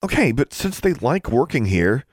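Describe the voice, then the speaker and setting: A man's voice: medium pitch, big pitch swings, normal speed, no echo, studio quality, pitched above the performer's own voice. Alexandra, a man playing an unsure young schoolgirl. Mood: uncertain. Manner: uncertain, questioning. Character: earnest young schoolgirl, unsure but polite.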